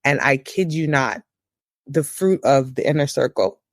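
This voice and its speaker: A woman in her thirties giving a candid personal testimony as an interview guest, with emotional, preacher-like rises in pitch. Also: unhurried, no echo, studio quality.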